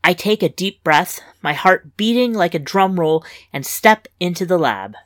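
A woman hosting and reading a story aloud in wry, lively first-person narration on a close mic. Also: lowish voice, measured pace, no echo. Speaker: story reader and host. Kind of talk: scripted fiction narration.

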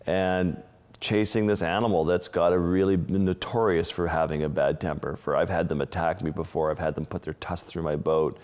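Deep-voiced man recounting dive dangers. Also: fairly even intonation, darkish tone, in a large hall. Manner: halting, restarts often, vivid retelling. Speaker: underwater photographer. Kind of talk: storytelling interview.

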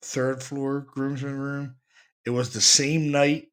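An enthusiastic man hosts a paranormal podcast. His pitch sits mid-range for a man, and his delivery is lively and repetitive. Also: slow pace, smooth. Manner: excited, enthusiastic, repeats himself. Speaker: podcast host, paranormal investigator. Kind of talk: podcast talk about recordings.

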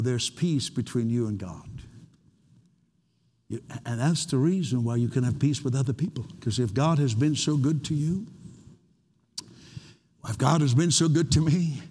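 A man preaching as a pastor, earnest and repeating his phrases, slowing down to press key words, then leading the room in a prayer and an altar call. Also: medium pitch, darkish tone, husky. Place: large church hall. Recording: long reverb of a large hall.

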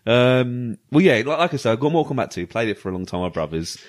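A man co-hosting a podcast, telling a story in casual chat. He talks quickly and rambles, laughing often. His pitch swings widely as he speaks. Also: sing-song. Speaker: podcast co-host.

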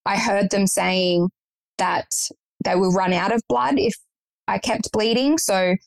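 A woman's voice: medium pitch, fairly even intonation, unhurried, creaky, no room sound, rough recording. A young woman guest recounting a personal story in conversation, earnest and matter-of-fact.

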